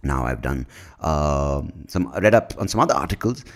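A man's voice: very deep voice, expressive, normal speed. A man hosting his own podcast in a casual, rambling monologue, self-mocking, swearing freely and tripping over his words. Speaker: podcast host.

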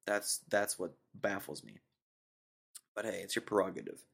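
A man's voice: low-pitched, normal speed, creaky, fairly bright tone, slightly rough. Young dude from texas ranting solo on his podcast, laid back, says dude a lot. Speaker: podcast host. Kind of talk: solo casual rant.

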